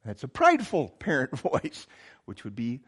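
A man preaching a sermon as a pastor, earnest, swinging from emphatic lines to hushed, quiet ones. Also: medium pitch, huge pitch swings, moderate pace, slightly rough.

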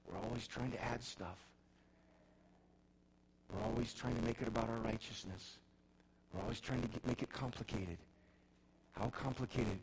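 A middle-aged man preaching a sermon as pastor, often restarting words and swinging between loud emphasis and quiet intensity. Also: mid-range voice, fairly even intonation, normal speed, pauses often, slight background noise, poor audio. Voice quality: gravelly.

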